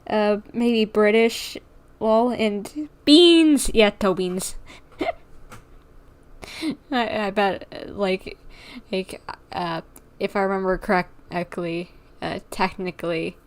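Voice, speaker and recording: A woman's voice: mid-range voice, slow pace, pauses often. A young woman streaming a video game, gushing and giggling over the characters. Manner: giggly, gushing fan chatter. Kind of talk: live game commentary.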